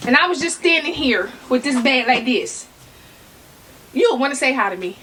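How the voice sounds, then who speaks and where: A giddy woman chatting through an unboxing for her viewers, her voice swinging wildly up and down. She talks herself down from excitement and drops to whispers now and then, all bright and sharp in tone. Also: high-pitched, moderate pace, slightly rough. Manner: chatty slang-filled banter with viewers. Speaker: fashion vlogger.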